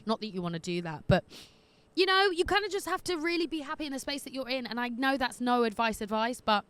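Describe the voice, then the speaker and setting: A woman in her twenties hosts an advice podcast outdoors on windy streets, reading letters aloud agony-aunt style with cheeky sass and frequent laughter. Her voice is on the high side, quick, lively in intonation, and fairly bright, with a clean tone and no echo.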